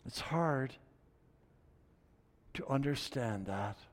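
A male pastor delivering a sermon, emphatic, rising to loud exclamations and dropping to hushed near-whispers, in a church sanctuary. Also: medium pitch, lively intonation, extremely slow. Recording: long hall reverb.

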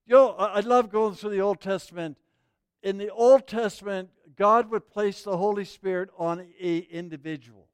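A man preaching a sermon as the pastor, telling stories in an animated way. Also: high-pitched, moderate pace, smooth, no echo.

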